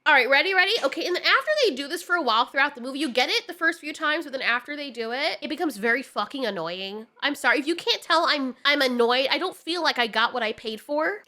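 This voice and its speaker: A woman's voice: high-pitched, lively intonation, quick pace, hardly any pauses, bright, forceful tone. A woman giving a ranting casual film review, exasperated and sarcastic, swearing often. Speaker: movie reviewer.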